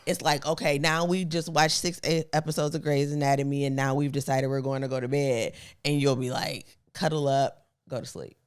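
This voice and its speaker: A woman's voice: sits low, level tone, a little fast, few pauses, clear, resonant tone. A woman co-hosting a podcast, chatting casually and teasing her partner with frequent laughter. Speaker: podcast co-host. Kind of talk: casual couple chat.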